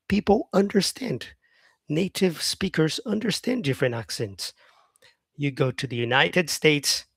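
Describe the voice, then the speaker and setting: A man's voice: medium pitch, a bit bright, no echo. A man teaching English on a live stream, chatting with viewers by name, saying "yeah" often and modelling words by repeating them.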